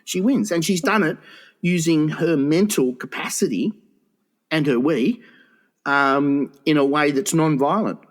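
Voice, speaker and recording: Rambling, swearing podcast host. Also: male voice, fairly high pitch, measured pace. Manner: rambling, profane, stumbling restarts. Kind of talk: casual podcast banter.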